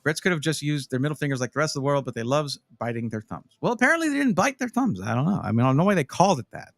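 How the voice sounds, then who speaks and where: A man's voice: on the high side, very fast, vocal fry, no room sound. A man chatting casually on a live stream, reviewing gaming PC parts and rambling as he answers his chat. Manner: animated, rambling, talks to chat.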